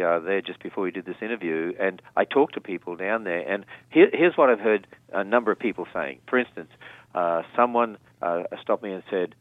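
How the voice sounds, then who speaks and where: A man's voice: low-pitched, no echo. Australian male guest, fluent and eager, heard over a tinny phone line. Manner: fluent, enthusiastic, explanatory. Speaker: guest on a call-in radio show. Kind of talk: phone interview.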